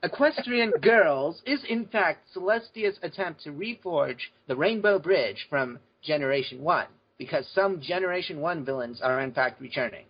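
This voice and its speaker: A man's voice: on the high side, lively intonation, moderate pace, hardly any pauses. A man guesting on a casual podcast chat, playful and prone to tangents. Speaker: podcast guest, fan fiction author. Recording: dull lo-fi audio.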